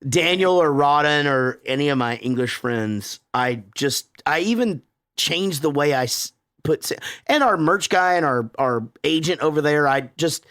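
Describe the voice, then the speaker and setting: Casual podcast host, male, animated and profane, dry close mic. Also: fairly high pitch, a little slow, no echo. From Pittsburgh area, USA. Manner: animated, swears freely, laughs often. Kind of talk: casual chat.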